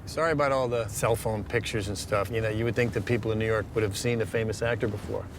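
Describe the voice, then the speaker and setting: A man's voice: lowish voice, fairly even intonation, fast talker, noisy background, lightly acted. An older man, an actor playing himself, who talks in an eager, chatty way and keeps mimicking others' accents.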